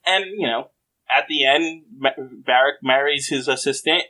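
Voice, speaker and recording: Male co-host, casual and agreeable, mid-pitched everyday voice. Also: moderate pace, pushed and bright, rough recording. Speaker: podcast co-host. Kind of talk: casual chat.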